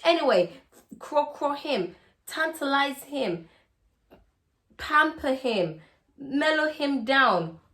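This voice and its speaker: A woman's voice: high-pitched, lively intonation, slow, long pauses, a bit bright. A woman with a Ghanaian accent giving relationship advice in a playful, teasing way in a casual vlog. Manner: playful, teasing, acts out sweet-talking lines.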